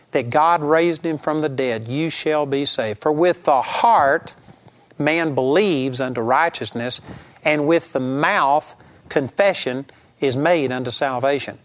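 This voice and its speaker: A male preacher whose voice sits a little higher than most men's. He teaches with steady, earnest emphasis and repeats his main points. He slows right down whenever he quotes scripture. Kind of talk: sermon.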